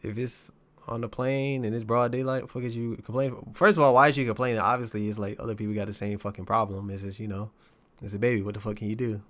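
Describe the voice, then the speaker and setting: A man co-hosting a podcast, talking casually in a halting way, repeating himself, and swearing bluntly. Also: fairly low pitch, steady tone, fairly bright tone. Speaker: podcast co-host. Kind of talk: casual chat.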